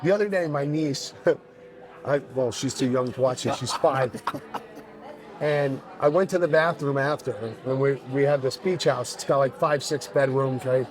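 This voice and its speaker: A man, a fitness coach chatting as a podcast guest, blunt and profane, telling animated stories. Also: medium pitch, a little slow, rough recording. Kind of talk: casual podcast chat.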